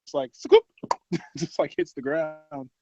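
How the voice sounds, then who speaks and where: Man of middle pitch, casual rambling co-host; muffled lo-fi, dry recording. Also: wildly swooping pitch, measured pace, dark tone. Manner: rambling, filler-heavy recapping with laughs. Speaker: podcast co-host. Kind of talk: casual chat.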